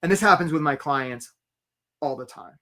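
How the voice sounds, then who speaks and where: A man's voice: fairly high pitch, normal speed. Chatty man hosting a live webinar. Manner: lively, chatty, greets viewers from the chat by name; tells stories to make his points.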